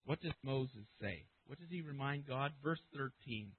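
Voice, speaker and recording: A man preaching a sermon as pastor, speaking emphatically and getting loud when he quotes scripture. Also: medium pitch, lively intonation, moderate pace, breathy edge. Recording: narrow phone-like sound.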